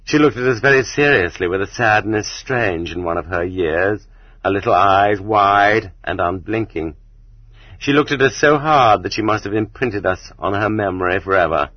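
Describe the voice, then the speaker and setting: A man narrating an audiobook in a steady, measured reading voice, recorded on dull cassette tape. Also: lowish voice, no room sound. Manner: steady, measured reading that rises sharply for quoted shouts. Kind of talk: scripted narration.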